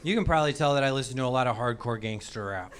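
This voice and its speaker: A man's voice: medium pitch, very fast. A man in his forties performing a stand-up comedy set on stage, with a sheepish, self-mocking delivery and acted-out quotes. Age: 40s. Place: comedy stage before a live audience. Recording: live crowd laughter, loud background noise.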